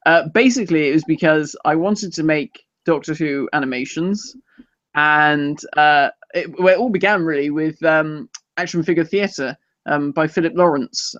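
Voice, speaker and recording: A man co-hosting a casual live podcast, rambling and self-deprecating, quick to laugh. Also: on the high side, a bit bright, dry recording, dull audio. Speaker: podcast co-host.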